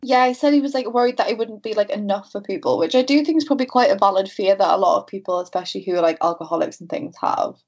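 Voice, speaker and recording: A woman's voice: medium pitch, animated, fast talker, hardly any pauses, darkish tone, husky, highs cut off. A woman co-hosting a podcast in casual chat, candid and chatty, often saying "like". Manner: chatty, frequent "like", candid and self-deprecating.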